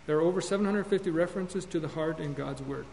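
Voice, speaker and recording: A man's voice: fairly high pitch, fast talker, creaky, a little mellow. A man teaching an earnest Bible lesson on counseling, sermon-style, often repeating and correcting himself as he goes. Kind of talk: classroom-style sermon lecture. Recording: long hall reverb with faint hum.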